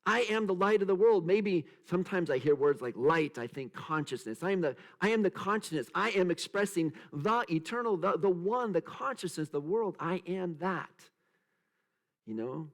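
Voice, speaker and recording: Lively, animated male pastor. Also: sits high, moderate pace. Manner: animated, acts out quotes in a raised voice; leads the congregation in repeating phrases. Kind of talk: sermon.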